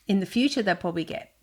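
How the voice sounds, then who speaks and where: A woman co-hosting a casual chat, talking with lots of fillers and laughing often. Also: mid-range voice. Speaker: podcast co-host.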